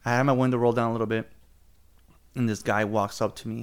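A man's voice: medium pitch, fast, clean tone. A man hosting a podcast, telling a story in casual chat and acting out other people's voices. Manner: animated, laughs while telling stories, acts out other people's voices. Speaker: podcast host.

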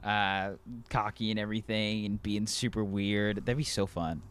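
A young man co-hosting a casual movie podcast, talking excitedly with lots of fillers and restarts. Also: on the low side, normal speed, clear, resonant tone. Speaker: podcast co-host.

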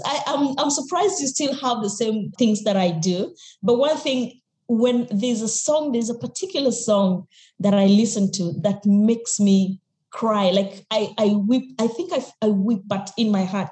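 A young Kenyan woman speaks in a mellow, dark-toned voice, candid and reflective, laughing often as she talks. Her voice rings in an echoey room, and she restarts phrases as she goes. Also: a little high. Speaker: podcast guest. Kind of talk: podcast interview.

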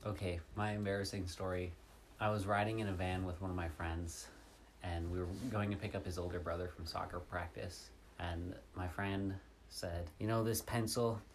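A man telling a light story in casual chat with friends, breaking into loud laughter. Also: low voice, normal speed, a little hiss or hum. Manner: lively, laughs loudly and often.

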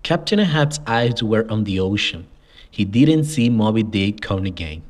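Slow, measured man narrator. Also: on the low side, expressive. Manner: slow, measured storytelling read. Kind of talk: scripted audiobook narration.

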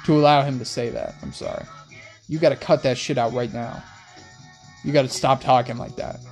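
A young man hosting a rambling late-night monologue in laid-back slang, with soft music playing behind him. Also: medium pitch, brisk, vocal fry. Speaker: host. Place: in a car.

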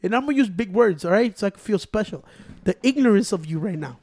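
Fast-talking man. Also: high voice, expressive. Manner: mixes Spanish and English, swears, gets loud and worked up. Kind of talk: casual chat.

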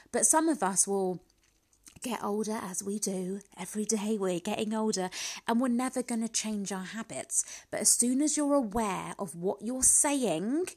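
A woman's voice: on the high side, darkish tone. A woman hosting a casual motivational podcast from her living room, chatty and upbeat, often laughing and asking "guess what". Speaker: podcast host, business coach.

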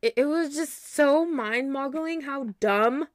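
A woman's voice: high-pitched, slow, no echo, studio quality. Chatty young woman on a podcast. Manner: chatty, heavy use of "like", animated retelling. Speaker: podcast co-host. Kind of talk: casual chat.

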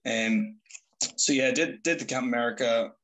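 A man's voice: medium pitch, moderate pace, a bit bright, poor audio. A young man, telling stories about his life in a chatty, self-mocking way. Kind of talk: casual storytelling.

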